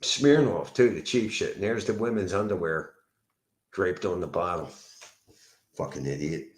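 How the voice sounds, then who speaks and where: A man with a Philadelphia accent, a sober house manager, telling a story at home in an animated, profane way. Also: sits low, moderate pace, slight background noise. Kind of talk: casual venting monologue. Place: indoors at home. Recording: roomy echo.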